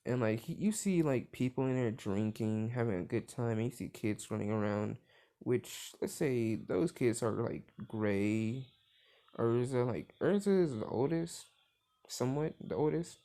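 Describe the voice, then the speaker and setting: Slow, gravelly young man rambling. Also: mid-range voice, dark tone. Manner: rambling, full of "like" fillers, profane. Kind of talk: casual retelling of a cartoon crossover story.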